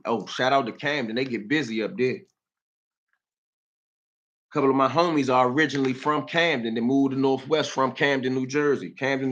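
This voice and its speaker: Animated, bright-voiced DC man ranting. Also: mid-range voice, muffled recording. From Washington, DC. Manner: animated, mocking, streetwise banter. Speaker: live-stream host. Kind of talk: live-stream commentary.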